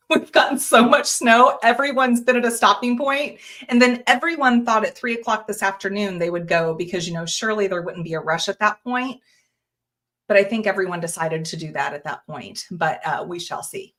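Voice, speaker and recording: A woman's voice: mid-range voice, a bit bright. A woman hosting a live jewelry-making stream, chatting casually, reading viewer comments aloud and greeting viewers by name. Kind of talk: casual livestream chat with viewers.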